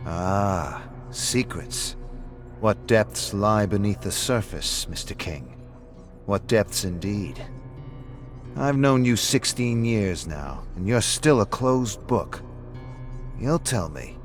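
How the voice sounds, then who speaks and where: A man voicing a calm, probing pub owner who needles an old friend in a dry, measured way. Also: fairly low pitch, soft background music. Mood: teasing. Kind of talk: audiobook-style story reading.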